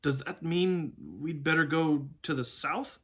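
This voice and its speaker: An eager, earnest young boy, as a man puts him on in a storybook reading. The voice lifts well above a man's usual pitch and sounds keen and easily shocked. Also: slow pace, fairly bright tone, husky, heavily acted. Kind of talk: storybook read-aloud.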